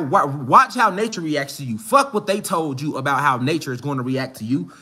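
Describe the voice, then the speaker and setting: A man giving a fired-up, profane, slangy preaching monologue outdoors in the mountains, often rising to shouts. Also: fairly high pitch. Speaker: spiritual commentator.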